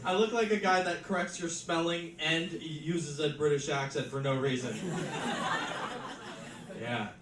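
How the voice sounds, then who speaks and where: A man's voice: on the high side, steady tone, a little slow, pauses often, far from the mic. A male stand-up comedian opening his set with wry, self-deprecating observational jokes. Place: live comedy venue. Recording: echoey live room with noise.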